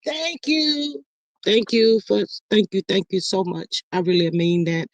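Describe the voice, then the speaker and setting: A woman hosting a casual live stream, greeting viewers and reading out their comments in an animated, slangy way. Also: mid-range voice, unhurried, dry recording. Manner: chatty, animated, Southern-style slang.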